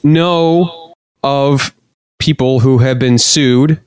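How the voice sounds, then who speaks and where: A man's voice: mid-range voice, extremely slow, smooth, no echo. Male comedy podcast host, casual and jokey, filler-heavy delivery, close dry mic. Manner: jokey, reads news items aloud with many fillers.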